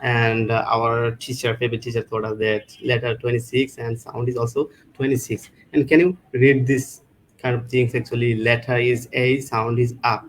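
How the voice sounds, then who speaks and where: A man hosting a live online English-speaking show, talking in a halting, loose way with many restarts over a video call. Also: medium pitch, little pitch movement, slight background noise, poor audio. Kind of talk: casual live-stream chat.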